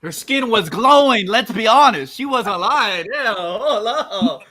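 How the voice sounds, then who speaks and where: A woman co-host giving jokey, animated commentary with frequent exclamations. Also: on the high side, takes it slowly. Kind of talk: casual commentary.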